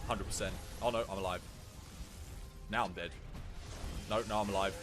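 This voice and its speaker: A man's voice: low voice, steady tone, moderate pace, pauses often, a bit bright, faint music behind. A man giving jokey live commentary while streaming a game, laughing often.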